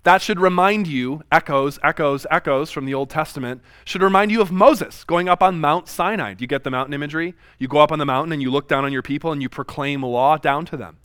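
Male lecturer, thirties, slightly high voice, animated, acts out quotes; dry recording. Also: fast, few pauses, clean tone, no echo. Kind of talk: classroom lecture.

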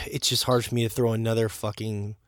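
A man's voice: lowish voice, a little fast, no echo, clean studio sound. A man from the United States co-hosting a podcast, joking around and swearing freely. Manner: profane, joking, animated. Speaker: podcast co-host. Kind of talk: casual podcast chat.

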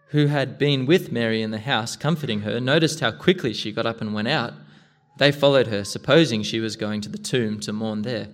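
A man giving a steady, measured scripture reading aloud. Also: mid-range voice. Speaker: scripture reader.

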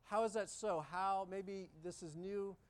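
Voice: mid-range voice, steady tone, a little slow. A pastor preaching a sermon during a church service, talking emphatically, repeating key phrases and asking the congregation questions. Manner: emphatic, repetitive, asks the congregation many questions.

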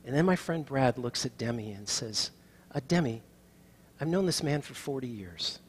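A middle-aged male pastor giving a sermon and telling stories, rising to loud proclaiming and dropping to soft, near-whispered lines. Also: medium pitch, lively intonation, moderate pace, slightly rough. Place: church sanctuary.

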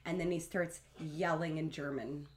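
A young woman hosting a podcast tells a long story in casual chat, her deep voice fairly even in intonation at a moderate pace. She rambles, using many fillers.

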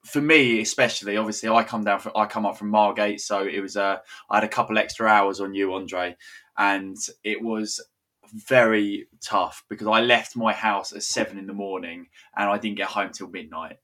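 Young male podcast co-host, lowish and bright-toned, rambling and laughing easily through his stories. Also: fairly even intonation, normal speed. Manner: rambling, chuckling storyteller with many restarts. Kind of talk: casual chat.

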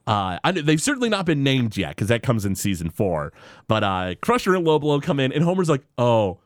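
A man chatting casually on a podcast, retelling a cartoon episode with lots of fillers and quick quoted bits. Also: medium pitch, sing-song, no room sound, clean studio sound. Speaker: podcast host.

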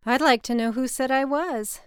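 A woman's voice: high voice, normal speed, clear, resonant tone, no room sound, clean studio sound, pitched above the performer's own voice, close to an everyday voice. Woman putting on a brash, brassy paranoid mother. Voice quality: brassy and blunt.

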